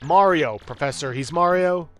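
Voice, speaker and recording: A man's voice: on the high side, normal speed, fairly bright tone, faint music behind, pitched above the performer's own voice, natural voice. A man voicing an eager young female student character. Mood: chipper.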